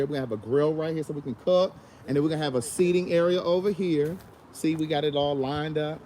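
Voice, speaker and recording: A man with a somewhat high voice chats on a casual livestream, recorded outdoors in his yard. He talks straight to his viewers, animated and easygoing. A faint hum of background noise runs under him. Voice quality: chatty, animated, addresses viewers directly with laughs. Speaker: vlogger hosting a livestream.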